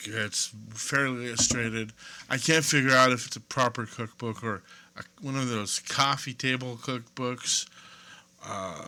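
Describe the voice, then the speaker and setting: A male video creator delivers an off-the-cuff rant to camera in a fairly low, pushed and bright voice. He rambles and digresses, adds wry self-deprecating asides, and pauses while leafing through a book.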